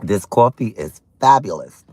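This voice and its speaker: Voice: mid-range voice, expressive, a little slow, mellow, slight background noise. A livestream host chatting casually with viewers during a morning stream, eating breakfast while talking, with sassy, playful asides. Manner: chatty, talks to viewers between bites of breakfast.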